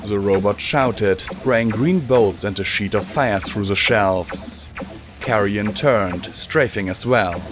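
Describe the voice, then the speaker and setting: A man reading a fan-fiction audiobook in a measured, steady first-person narration. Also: lowish voice, over music. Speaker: audiobook reader.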